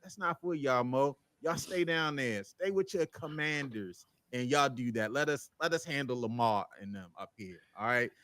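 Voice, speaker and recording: A man's voice: mid-range voice, moderate pace, few pauses, no echo. A man, hosting a casual sports podcast and trading teasing banter. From Baltimore. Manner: animated, laughing, teasing banter.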